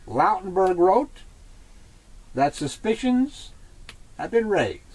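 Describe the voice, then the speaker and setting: Male co-host, measured reader, husky and fairly high, lively pitch. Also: poor audio. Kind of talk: reading an article aloud, then casual chat.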